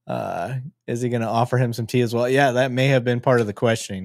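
A man's voice: medium pitch, steady tone, quick pace, creaky, few pauses, no echo. Joking male live-stream host, dry sound. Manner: casual, joking, swears freely. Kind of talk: live reaction commentary.

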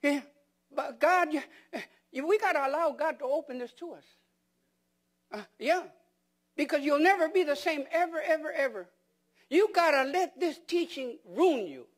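A man with a notably high voice delivers a sermon as pastor. He keeps asking the congregation questions and repeats words and restarts phrases to drive each point home. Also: animated, normal speed, pauses often. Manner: emphatic preaching with rhetorical questions to the congregation.

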